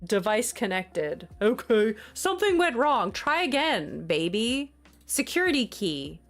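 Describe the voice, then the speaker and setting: A woman's voice: fairly high pitch, sing-song, measured pace, soft background music. A woman streamer chatting casually on a livestream, flustered, exasperated and apologetic.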